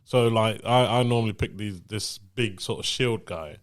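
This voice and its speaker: A man co-hosting a podcast, giving relaxed, rambling explanations in a casual chat among friends. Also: on the low side, moderate pace, no echo, clean studio sound. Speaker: podcast co-host.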